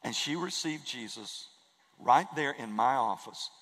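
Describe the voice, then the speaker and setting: A man's voice: medium pitch, animated, measured pace, fairly bright tone, big-room sound, poor audio. A man preaching a sermon in a church, earnest and emphatic, repeating key phrases for weight. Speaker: pastor. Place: church sanctuary.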